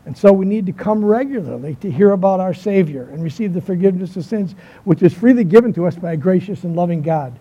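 A man preaching a sermon, moving between emphatic lines and quiet pauses, telling a story to make his point. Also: high voice, expressive, slightly rough. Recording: dull lo-fi sound.

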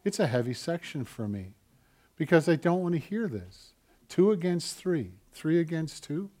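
A man's voice: fairly high pitch, very animated, moderate pace. Earnest man preaching a sermon. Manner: swings between quiet, heavy emphasis and louder urgent passages; rhetorical questions to the congregation. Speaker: pastor.

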